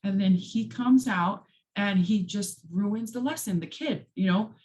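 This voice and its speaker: A woman's voice: unhurried, low-quality recording. A woman hosting a casual chat, telling stories and acting out quoted lines with big jumps in her voice. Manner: animated storyteller, acts out quotes with big pitch jumps. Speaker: host.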